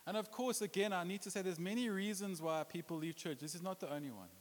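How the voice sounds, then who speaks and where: Man, pastor, sermon, high voice, playful and joking, long hall reverb. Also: fast, slight background noise. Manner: playful, jokes and puts on accents. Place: church hall with a congregation.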